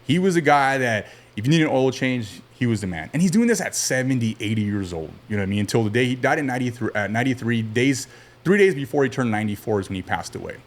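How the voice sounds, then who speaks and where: Man, podcast guest, casual storytelling, rambling, lots of fillers, mid pitch. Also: fast. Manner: relaxed, rambling, frequent fillers and restarts.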